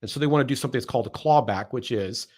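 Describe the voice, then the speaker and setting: A man's voice: medium pitch, racing, a little mellow. A man hosting a political podcast, sarcastic and emphatic, often repeating words as he builds a point. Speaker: podcast host. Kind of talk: political commentary chat.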